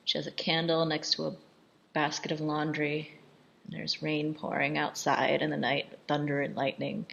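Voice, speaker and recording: Low-voiced woman chatting through a film. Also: flat delivery, normal speed, creaky, fairly bright tone, dull audio. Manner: chatty, amused scene-by-scene retelling with frequent laughs. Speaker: film commentator. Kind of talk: casual film commentary.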